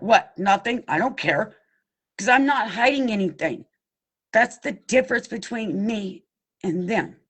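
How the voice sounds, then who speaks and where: A woman's voice: medium pitch, breathy edge. A woman from Pennsylvania speaking straight to camera in a blunt, impassioned plea, cussing and addressing her listeners directly. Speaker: abuse survivor seeking justice.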